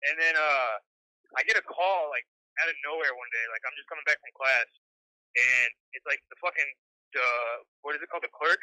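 A young man calling in over the phone, telling a long rambling story with lots of swearing and animated quoting of other people. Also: fairly high pitch, fairly quick, no echo, poor audio.

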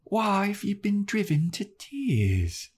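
A man doing an impression of a dreamy, seductive female vampire, speaking in a high, cooing, theatrical voice. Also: wildly swooping pitch, slow pace, a little mellow, husky, exaggerated voice.

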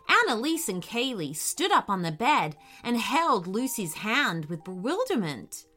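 A woman storyteller reading a children's tale in an expressive, unhurried way. Her voice is bright and fairly high, with lively swings in pitch and a slow pace.

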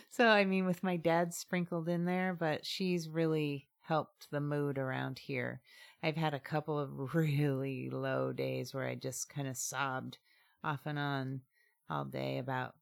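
A woman's voice: deep voice, little pitch movement, slow pace, vocal fry. A woman from Southeast Alaska, co-hosting a casual chat podcast, talking chattily and laughing often. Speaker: podcast co-host.

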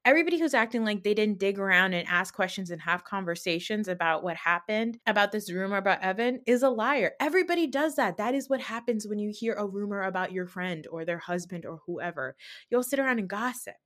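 A woman hosting a solo podcast who recaps reality television in an opinionated, sarcastic, animated way. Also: mid-range voice. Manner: opinionated, sarcastic, animated storytelling with mocking quoted voices. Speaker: podcast host.

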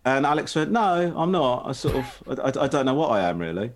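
A man's voice: a little high, lively intonation, a little fast. A middle-aged man in casual chat, rambling through family stories and acting out quoted voices. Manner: rambling storyteller, acts out quoted voices, laughs often. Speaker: podcast co-host.

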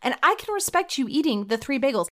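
Lively, animated woman telling a story. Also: sits high, fast talker. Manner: animated, laughing, breathless storytelling. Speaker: podcast co-host. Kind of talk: casual chat, telling a story.

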